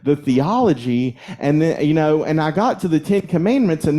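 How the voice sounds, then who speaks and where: A male minister preaching in a church, speaking in a relaxed, mellow voice. He tells his stories conversationally and lets small chuckles slip in as he talks. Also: fairly high pitch, normal speed, hardly any pauses. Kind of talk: storytelling sermon. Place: church sanctuary.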